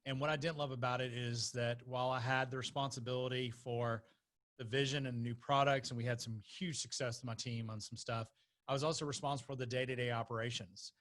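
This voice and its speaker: A man from North Carolina talks as a podcast guest, spinning a personal story in a lively way. His voice is bright and clear, pitched in the middle range, and he often laughs as he goes. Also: brisk. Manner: animated, laughs while telling stories. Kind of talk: conversational storytelling.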